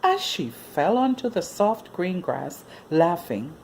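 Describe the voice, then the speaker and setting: Woman storyteller reading to kids, unhurried, very lively melody. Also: lowish voice, slight background noise. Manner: expressive, sing-song. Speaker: children's storyteller. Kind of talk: reading a children's story aloud.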